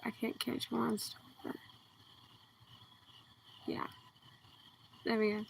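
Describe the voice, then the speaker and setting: Southern kentucky lady talking slow and flat on a phone outside at night, kinda far from the mic, faint hiss. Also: fairly high pitch, gravelly. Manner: slow, deliberately enunciated, soft-spoken. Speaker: livestreamer. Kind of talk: casual livestream chat. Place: outdoors at night.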